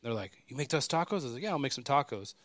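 A man telling stories with lively energy, breaking into quick snatches of other people's lines. His voice sits in an ordinary middle register. The recording is dry and close to the mic, with no room sound. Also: medium pitch, no echo. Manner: animated, acts out dialogue in quick bursts. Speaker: podcast guest. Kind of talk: casual storytelling.

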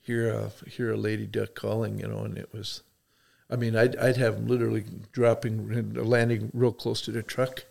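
Gravelly middle-aged man from Michigan. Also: fairly low pitch, level tone, moderate pace, darkish tone. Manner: folksy, rambling, many fillers. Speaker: podcast guest. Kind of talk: casual storytelling chat.

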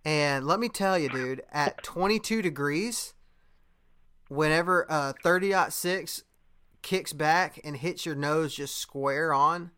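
A man's voice: fairly high pitch, slow, bright, forceful tone, clean tone. A young man in casual chat, a podcast host telling a story in a laid-back way, with lots of fillers and laughter.

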